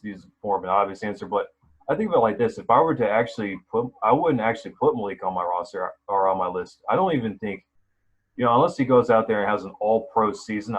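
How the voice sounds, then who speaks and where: A man's voice: lowish voice, husky, highs cut off. A man hosting a sports podcast, talking casually and rambling with many fillers and restarts. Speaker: podcast host.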